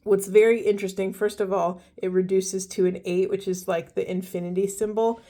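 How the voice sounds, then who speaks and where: A woman in a middle-pitched voice gives a spiritual oracle card reading straight to her viewers. She speaks earnestly and from the heart, pausing now and then to restart her thoughts. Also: level tone, mellow. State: teary-eyed.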